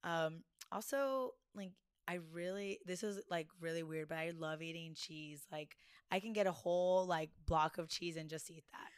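A woman's voice: lowish voice, moderate pace, smooth, no room sound. Guest: laid-back young woman, chatty and slangy, dry close-mic sound. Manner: laid-back, says "dude" and "like" a lot. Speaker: podcast guest. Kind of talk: casual podcast interview.

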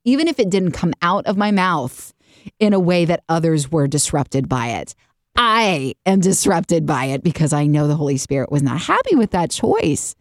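A woman hosting a faith-based podcast, chatting and telling stories with animated, lively delivery and quick jumps into voices. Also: low voice, no echo, studio quality. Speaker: podcast host.

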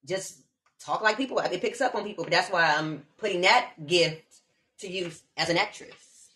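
A woman in her thirties from Omaha, an actress, talking in a relaxed, slangy way. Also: on the low side, normal speed. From Omaha, United States. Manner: relaxed, slangy, laughs often. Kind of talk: casual chat.

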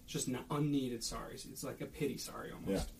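A man's voice: mid-range voice, fairly quick, a little mellow, a little hiss or hum. A young man with a Minnesotan accent, co-hosting a casual podcast chat and telling stories in which he acts out his coworkers. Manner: storytelling, acts out coworkers' voices. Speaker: podcast co-host.

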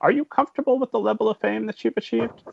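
A man's voice: high voice, fast talker, gravelly, slight background noise. A man hosting an interview podcast, enthusiastic and chatty. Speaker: podcast host. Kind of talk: casual interview chat. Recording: dry close sound, dull lo-fi audio.

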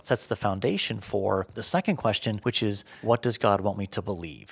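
A man being interviewed, earnestly explaining ideas step by step with everyday examples. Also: lowish voice. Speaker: Bible scholar guest. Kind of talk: conversational teaching.

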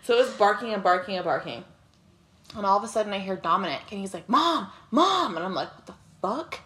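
A woman's voice: mid-range voice, racing, fairly bright tone. Profane, laughing woman telling a story. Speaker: podcast co-host. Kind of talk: casual chat.

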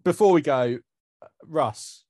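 A man co-hosting a casual chat over a video call, throwing teasing deadpan jabs. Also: fairly high pitch, slow pace, no echo, clean studio sound. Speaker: podcast co-host.

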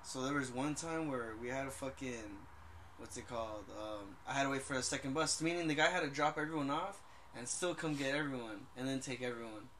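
A man's voice: medium pitch, a little fast, a bit bright, a little hiss or hum. A young man co-hosting a casual podcast, telling rambling stories full of slang and swearing. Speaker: podcast co-host. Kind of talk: casual chat.

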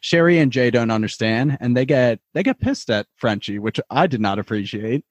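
A man's voice: mid-range voice, animated, moderate pace, no echo. A man co-hosting a podcast who retells a TV episode's plot step by step in earnest casual chat. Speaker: podcast co-host.

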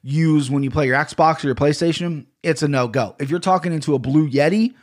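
A man's voice: on the high side, brisk. Blunt, profane man hosting a podcast. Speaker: podcast host. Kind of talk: casual podcast rant and fight recap. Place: home podcast studio. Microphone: studio microphone.

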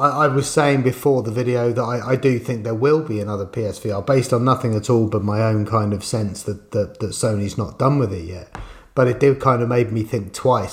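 A man co-hosting a games podcast, musing and thinking aloud in long sentences. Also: mid-range voice. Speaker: games journalist podcast co-host. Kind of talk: casual podcast discussion.

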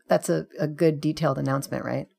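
A woman's voice: low-pitched, fairly even intonation, fast talker, vocal fry, dark tone. A woman hosting a podcast in casual chat, playful and laughing often. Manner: giggly, playful. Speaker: podcast host.

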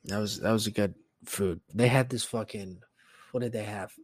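A man's voice: fairly low pitch, fairly even intonation, moderate pace, no room sound. Rambling, foul-mouthed man, dry sound. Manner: rambling and profane, many fillers. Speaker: podcast host; teacher. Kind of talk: casual chat.

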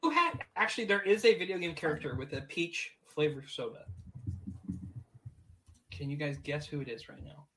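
Bright-voiced man steering a chat. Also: on the high side, lively intonation, normal speed, long pauses, slight background noise, poor audio. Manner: asks questions, steers topics. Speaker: podcast co-host. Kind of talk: casual chat.

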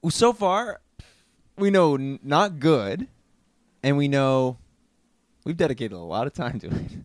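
A man's voice: medium pitch, sing-song, unhurried. A man co-hosting an improv comedy podcast, joking and reassuring. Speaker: podcast co-host.

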